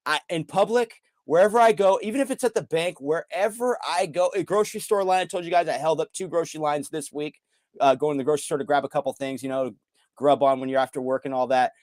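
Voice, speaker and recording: Pumped-up dude ranting about his team, kinda high voice, dry close sound. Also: quick pace, no echo. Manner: loud, hyped, swears, swings pitch a lot. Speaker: fan show co-host. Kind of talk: excited casual sports fan talk.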